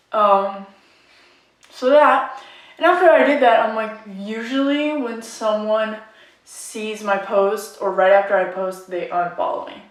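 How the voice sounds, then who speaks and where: A young woman vlogger ranting casually to camera, frustrated and rambling, saying "like" often. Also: medium pitch. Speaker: makeup vlogger. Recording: echoey room, mic at a distance.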